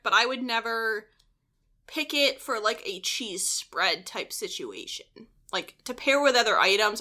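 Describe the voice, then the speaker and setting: A young woman co-hosting a podcast, talking in a relaxed, hesitant way with frequent giggles. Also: a little high. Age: young adult. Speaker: podcast co-host. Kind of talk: casual chat.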